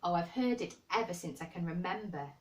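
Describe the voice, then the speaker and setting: A woman's voice: on the low side, expressive, a little fast, distant mic, natural voice. A woman reading aloud, voicing a sickly, bedridden boy who sounds cross and complaining. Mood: sullen. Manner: cross, complaining, dwells on dying.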